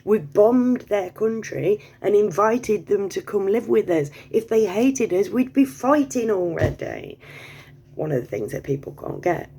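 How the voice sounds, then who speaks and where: A woman's voice: medium pitch, animated, measured pace, warm tone, breathy edge. A woman vlogging in a casual, rambling monologue, swearing freely, digressing, and laughing often.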